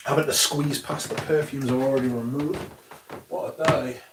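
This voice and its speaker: Male streamer, mid-pitched, swears a lot and dramatizes chores, faint background hiss. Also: moderate pace. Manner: sweary, theatrical, grumbling to himself. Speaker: livestream host. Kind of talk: casual livestream chat. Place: room at home, moving about while tidying.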